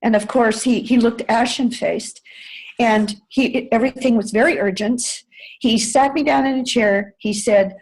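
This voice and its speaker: The audio is poor as an older American woman, a one-time White House staffer, recounts a long story in an interview. She speaks at a moderate pace in a mid-range voice, often using fillers and correcting herself.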